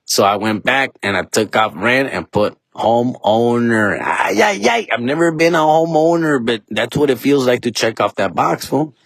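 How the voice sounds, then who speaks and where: A man's voice: mid-range voice, animated, moderate pace, few pauses, no room sound, clean studio sound. A man, a comedian and podcast host telling stories in a casual, profane, slang-heavy way, dropping Spanish words and ending lines with "dog" and "fool". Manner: drops Spanish words and phrases.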